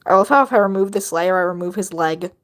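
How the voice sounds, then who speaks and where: A woman's voice: fairly low pitch, fast, fairly bright tone. A woman livestreaming while she draws, chatting casually and rambling to her viewers, often laughing.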